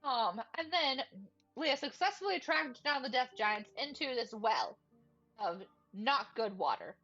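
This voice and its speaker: Woman, high-pitched and chatty, giggles through a tabletop game recap; muffled lo-fi audio. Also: big pitch swings, measured pace, pushed and bright. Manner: chatty, giggly, lots of fillers and quoted dialogue. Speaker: player recapping the session. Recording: dull lo-fi mic with faint music.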